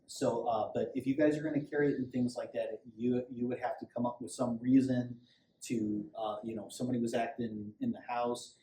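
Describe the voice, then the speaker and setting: This middle-aged man is a police sergeant whose mid-range voice sounds dark and brisk, with fairly even intonation. Speaking to a small group, he keeps his safety training talk loose and chatty and acts out short quotes. It was captured in an echoey room on a distant mic, with a faint hiss.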